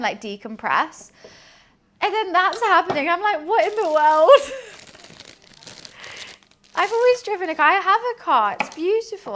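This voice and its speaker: A young woman streaming and chatting casually, telling a story with quick asides and frequent laughs. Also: sits high, a bit bright. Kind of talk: casual chat to a stream audience.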